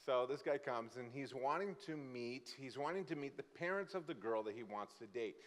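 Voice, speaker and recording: A man's voice: mid-range voice, normal speed. A man from Brazil, a guest pastor, telling a funny story in a sermon and acting out the people in it. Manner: lively, joking storyteller who acts out the characters. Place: church sanctuary. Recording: church hall with long reverb.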